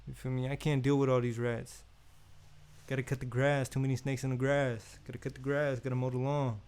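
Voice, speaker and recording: Laid-back Bay guy hosting an unboxing, smooth and resonant, loose slangy chat. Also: mid-range voice, flat delivery, a little fast, a little mellow. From Oakland, California. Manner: laid-back, slangy, keeps repeating "you feel me". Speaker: unboxing host.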